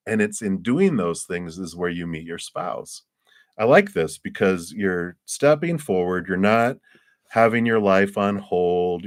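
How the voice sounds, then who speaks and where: A man giving live tarot readings, chatty and animated, who acts out little scenes in high voices and often laughs. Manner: frequent laughs and fillers. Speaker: tarot reader.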